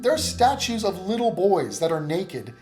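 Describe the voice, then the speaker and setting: A man's voice: high voice, big pitch swings, normal speed, over music. Sarcastic, profane man ranting. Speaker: commentary YouTuber. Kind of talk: ranting reaction commentary.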